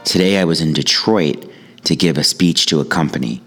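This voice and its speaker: A man with a remarkably deep, low voice tells a personal story. He speaks as a yoga teacher and speaker, calm and reflective, with a wry sense of humor running through the anecdote. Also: normal speed, faint music behind. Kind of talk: storytelling monologue.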